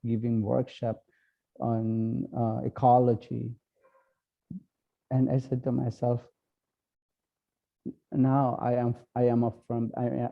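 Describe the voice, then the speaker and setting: A man with a Filipino accent, a priest giving an online talk, speaking slowly and haltingly with many fillers. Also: mid-range voice, gravelly, phone-quality sound. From Philippines. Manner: slow, halting, with frequent fillers.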